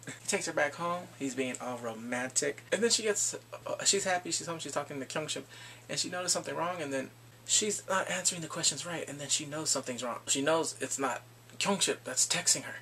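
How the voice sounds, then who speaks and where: A man giving a casual recap of drama episodes. He talks in an animated way, acts out the characters and laughs often. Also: fairly high pitch, fairly quick, slight background noise. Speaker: drama reviewer.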